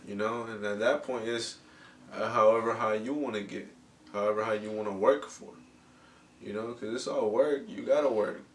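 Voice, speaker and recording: A man's voice: on the low side, fairly even intonation, normal speed, roomy sound, far from the mic. A man hosting a casual podcast talk, loose and repetitive, full of slang. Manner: laid-back, repeats himself, heavy slang. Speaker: podcast host. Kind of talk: casual chat.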